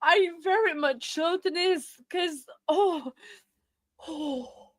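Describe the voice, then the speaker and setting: A woman talks to her livestream viewers in a high, unhurried voice, choking up with tears and breaking into laughter as she stumbles over her words. Her speech is halting and repetitive. The sound is dry and close, with no room echo. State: crying. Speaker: livestream host. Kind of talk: casual livestream chat with viewers.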